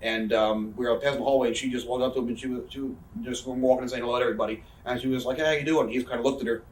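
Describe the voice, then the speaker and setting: A man's voice: mid-range voice, flat delivery, very fast, a little mellow, distant mic, slight background noise. A man, telling rambling, profane backstage stories in a casual interview. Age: 30s. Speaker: interview guest, wrestler. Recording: echoey room, off-mic.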